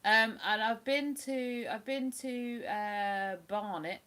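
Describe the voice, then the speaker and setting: A chatty English woman hosting a casual livestream, her voice sitting a little high for a woman. She rambles between topics and drops into soft baby talk when she turns to her dog. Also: slow pace. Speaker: livestream host.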